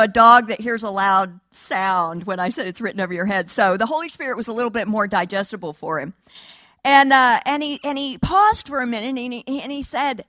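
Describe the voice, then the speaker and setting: Woman preacher telling a lively testimony. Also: a little high, no echo. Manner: animated, laughing, quoting dialogue. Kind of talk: sermon testimony storytelling.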